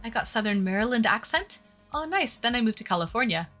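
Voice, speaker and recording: Bright-voiced woman hosting a live stream. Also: on the high side, very animated, brisk, faint music behind. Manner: chatty, reads out viewer comments. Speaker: stream host. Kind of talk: casual live-stream chat.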